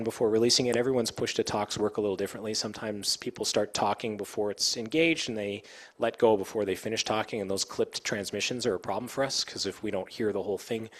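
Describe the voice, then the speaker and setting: A fast-talking man with a somewhat low voice, speaking casually to a group of pilots. He works as an air traffic controller and leans on fillers and quick restarts as he explains radio habits. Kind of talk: informal safety talk to pilots.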